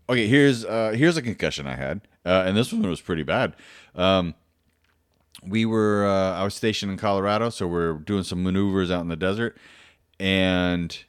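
A man's voice: low voice, smooth, no echo, clean studio sound. A man hosting his own podcast, telling a long story in a casual, rambling way with lots of fillers and restarts. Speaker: podcast host.

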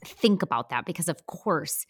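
A woman's voice: low voice, animated, moderate pace, breathy edge, no room sound. Empathetic woman host, dry close sound. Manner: empathetic, reflective, thinks aloud. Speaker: podcast host. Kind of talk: conversational interview.

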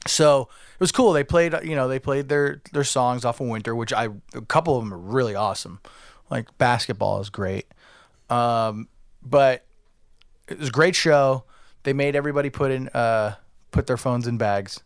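A man's voice: medium pitch, moderate pace, smooth, no echo, studio quality. Rambling podcast man telling a story. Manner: rambling, many "like" fillers, acts out quotes. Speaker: podcast co-host. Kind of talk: casual storytelling.

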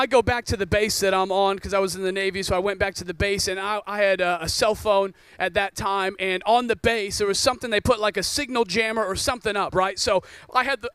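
A man in his thirties preaches a sermon with a very high, smooth and resonant voice, telling a story full of self-mocking jokes. The sound is dry and close, with no room around him. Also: a bit bright, dry recording. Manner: joking storytelling. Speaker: pastor.

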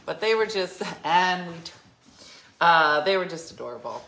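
A rambling woman in her fifties hosts a casual chat show, and her storytelling voice moves around a lot in pitch while sitting fairly low. The recording sounds echoey, with a faint hiss underneath. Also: lively intonation, moderate pace, a bit bright. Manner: chatty, rambling storyteller with frequent laughs. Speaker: radio show host.

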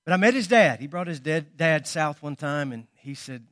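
A male pastor preaches in a fairly high voice, telling stories with loud punches and soft asides. The sound is close and dry, with no room echo. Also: animated, normal speed. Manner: storytelling, swinging between loud emphasis and quiet asides. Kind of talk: sermon.

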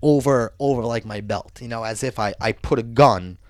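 A man telling a profane, animated story in casual chat. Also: mid-range voice, normal speed, no room sound, studio quality.

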